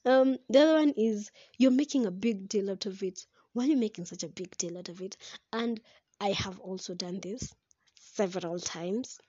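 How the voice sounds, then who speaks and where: A young woman talks straight to camera in an animated, chatty way. Her voice sits at a middle pitch. The sound is dry and a little dull. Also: normal speed, husky, no echo. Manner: chatty and animated, breaks into laughter, slips into Swahili. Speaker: vlogger. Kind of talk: casual talk to camera about relationships.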